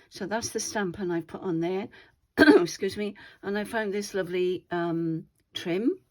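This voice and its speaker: A woman hosting her own craft channel, chatting casually and thinking aloud as she shows her slow-stitching pages. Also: fairly low pitch, darkish tone. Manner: chatty, rambling, thinks aloud while handling materials.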